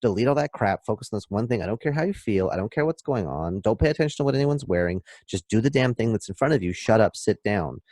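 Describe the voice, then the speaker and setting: A man speaking as a podcast guest, explaining in an emphatic, animated way and acting out little scenes. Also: mid-range voice, fast talker, hardly any pauses, no room sound, studio quality. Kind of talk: casual podcast talk, explaining.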